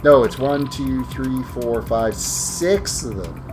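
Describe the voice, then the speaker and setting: A man's voice: mid-range voice, expressive, slow, music in the background. A tired man streaming a video game live, chatting casually with viewers, rambling and correcting himself as he plays. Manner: rambling, self-correcting, talks while playing. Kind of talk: casual gameplay commentary.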